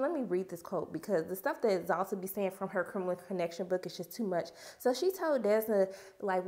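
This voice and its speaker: A young woman, casually recapping a TV episode and acting out the characters' lines. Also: on the high side. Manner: animated storyteller, acts out characters' lines. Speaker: TV review vlogger.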